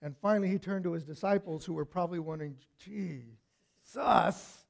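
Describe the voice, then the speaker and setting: A man preaching a sermon, telling stories with lively swings from loud to hushed. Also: on the high side, racing.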